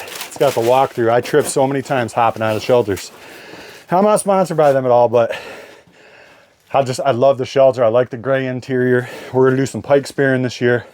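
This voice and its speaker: Inside an ice fishing shelter, a man hosting a fishing vlog chats casually and enthusiastically, sounding a bit out of breath. His medium-pitched voice is a little mellow, in a dry recording.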